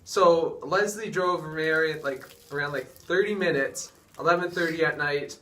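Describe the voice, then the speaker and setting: A man's voice: on the high side, normal speed, pushed and bright, roomy sound. A young man telling a story hesitantly with many fillers, as a YouTuber. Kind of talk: casual storytelling chat. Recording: distant mic.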